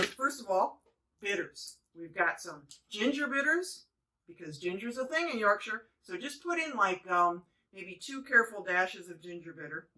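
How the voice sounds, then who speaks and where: A woman hosts her own home cocktail show, talking to her viewers as she mixes a drink. Her voice is bright and forward, and she chats loosely and drifts off topic along the way. She sits a little back from the microphone. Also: mid-range voice, far from the mic, a little hiss or hum. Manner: chatty, talks to viewers while mixing. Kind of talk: casual cocktail-making demo.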